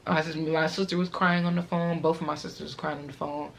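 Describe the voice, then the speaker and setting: Teenage girl, low gravelly voice, emotional rambling storytime, faint noise behind. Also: little pitch movement, fast talker. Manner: emotional, rambling, fighting back tears. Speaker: vlogger. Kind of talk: casual storytime.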